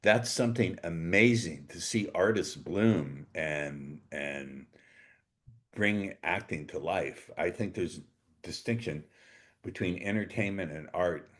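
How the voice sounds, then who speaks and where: A man's voice: low voice, takes it slowly. A man hosting a podcast interview, joking and talking with theatrical emphasis. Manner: playful, jokey, theatrical emphasis. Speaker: podcast host.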